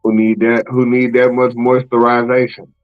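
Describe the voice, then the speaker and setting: A man hosting a podcast in casual chat, animated and slangy, exclaiming and laughing often. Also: mid-range voice, moderate pace, narrow, tinny audio, faint music behind. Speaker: podcast host.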